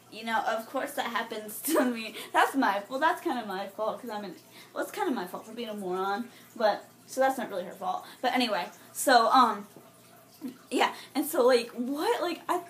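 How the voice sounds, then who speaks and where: A teenage girl telling a rambling, self-mocking school story to camera, full of restarts and fillers, and she jumps into high, loud mimicking voices. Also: slight background noise. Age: teens. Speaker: vlogger.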